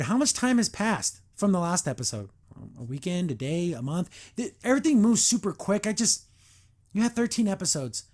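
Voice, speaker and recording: A man hosting a podcast, reviewing a cartoon episode in a casual, animated, digressive way with mock exasperation. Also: sits high. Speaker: podcast host.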